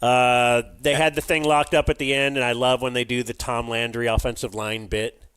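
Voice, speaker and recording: Man, podcast co-host, casual sports chat, rambling, mid-pitched voice. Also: level tone, normal speed, fairly bright tone, clean tone. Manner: laid-back, rambling, with many fillers. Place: live stream from a club.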